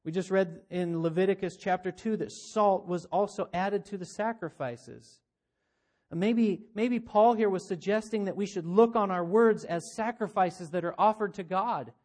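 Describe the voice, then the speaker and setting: A man delivers a sermon in a high, light voice. He preaches earnestly, asking his listeners rhetorical questions and slipping into the voices of imagined people. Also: normal speed, a little mellow. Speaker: pastor.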